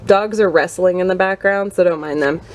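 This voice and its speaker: A young woman book vlogger chatting to camera at home among her bookshelves, self-mocking and quick to laugh. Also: fairly low pitch. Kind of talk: casual chat to camera. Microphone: camera mic.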